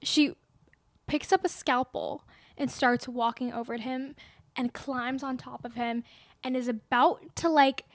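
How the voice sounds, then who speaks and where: High-voiced young woman, chatty co-host. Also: steady tone, measured pace, no echo. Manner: chatty, agreeing, finishes the other host's sentences. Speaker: podcast co-host. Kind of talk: casual film recap chat.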